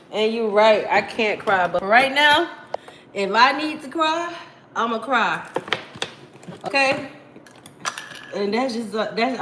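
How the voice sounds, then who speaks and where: Woman, 30s, from Virginia, worn out after crying, candid slangy livestream chat, faint hiss behind. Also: a little high. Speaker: livestreamer reading viewer comments. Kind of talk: casual live stream chat.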